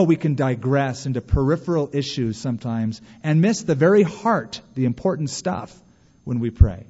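A man preaching a sermon as a pastor, animated, moving between hushed and emphatic delivery. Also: a little high. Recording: dull sound with long hall reverb.

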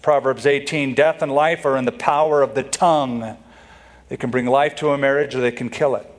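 A man preaching a sermon with an animated delivery, slipping into mock voices for quotes. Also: mid-range voice, a little fast. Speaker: pastor.

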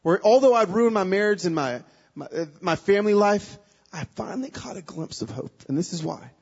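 A man giving a sermon as a guest speaker, telling a personal story with emotion, moving between hushed and loud, pleading passages. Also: high-pitched, expressive, a little fast, creaky, slightly rough, dull audio.

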